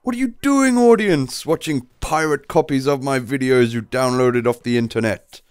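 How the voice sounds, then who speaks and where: Guy doing a manic squeaky youtuber bit, loud and zany, way up high. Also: moderate pace, no echo, clean studio sound, natural voice. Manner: loud, zany, over-the-top. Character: hyper excited young male video host. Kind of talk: comedic impression.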